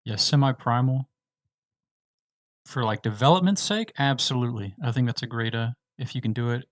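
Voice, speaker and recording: A man from the United States chats casually on a livestream, reading out viewer questions and answering them loosely. His voice sits at an ordinary middle pitch. The sound is dry and close, with no room echo. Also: moderate pace. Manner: laid-back, reads viewer questions aloud and answers loosely. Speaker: livestream host answering chat.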